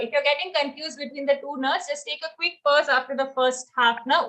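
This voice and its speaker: A woman teaching an online recitation class over a video call, patient and clear. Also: sits high, a little fast, hardly any pauses, a bit bright. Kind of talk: live online class, answering questions.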